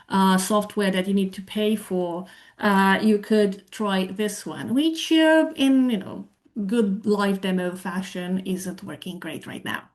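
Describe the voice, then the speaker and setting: A woman presenting on medical English teaching talks slowly and deliberately through a live software demo, her voice in the middle of the female range. She thinks aloud as she explains, backing up and rephrasing mid-sentence to correct herself.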